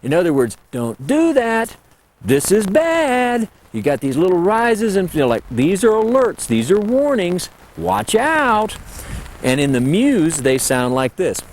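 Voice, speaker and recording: Lively man teaching elk calls. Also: high-pitched, normal speed, a little hiss or hum. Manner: lively and folksy, sings out call demonstrations. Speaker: elk calling instructor. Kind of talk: instructional talk.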